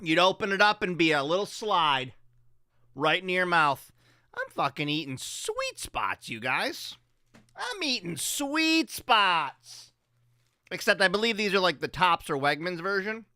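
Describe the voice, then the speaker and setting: A man's voice: high voice, very animated, normal speed, bright, forceful tone, dry recording, clean studio sound. A man hosting a radio show, talking in a loose, profane, rambling and jokey way. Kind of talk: casual chat on a morning radio show. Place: radio studio.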